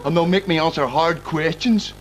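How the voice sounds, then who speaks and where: A man's voice: a little high, normal speed, noisy background, lightly acted. An actor with a Belfast accent playing a lazy, blustering father who has been made a party spokesman, whiny and pompous by turns. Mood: complaining. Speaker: sitcom character. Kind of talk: sitcom acting.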